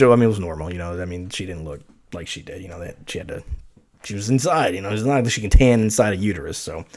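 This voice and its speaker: A young man telling a story casually on a podcast, animated, swearing freely and acting out the voices of the people he quotes. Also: lowish voice. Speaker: podcast host.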